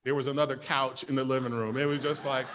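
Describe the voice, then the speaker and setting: A man's voice: mid-range voice, level tone, fast, fairly bright tone, a little hiss or hum. A middle-aged man, telling a humorous personal testimony at church and acting out his own past complaints. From New York. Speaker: church member sharing testimony.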